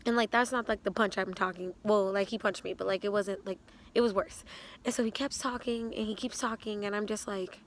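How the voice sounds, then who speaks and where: A young woman telling a casual storytime vlog, animated and slangy, often breaking into laughs. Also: medium pitch, brisk, a little hiss or hum. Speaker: vlogger.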